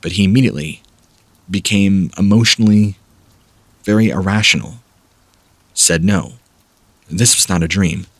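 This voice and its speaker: A man reading first-person scary camping stories aloud as a measured, steady narrator. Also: sits low, husky, no room sound. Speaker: horror story narrator.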